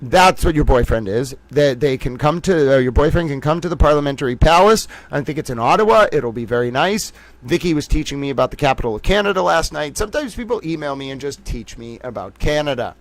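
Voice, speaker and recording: Male streamer, voice on the high side, quick jokey banter with chat, dry close sound. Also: dry recording. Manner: animated, jokey, calls himself a little towel; talks to chat viewers by name. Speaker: livestream host. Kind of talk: casual livestream chat.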